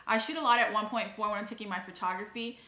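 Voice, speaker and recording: A woman in her thirties from the Dallas area, chatting quickly through a casual vlog Q and A with rambling asides. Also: mid-range voice, fairly even intonation, pushed and bright. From Texas, Dallas area. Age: 30s. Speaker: lifestyle and travel blogger. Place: inside a historic house. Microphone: on-camera mic of a DSLR. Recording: echoey room.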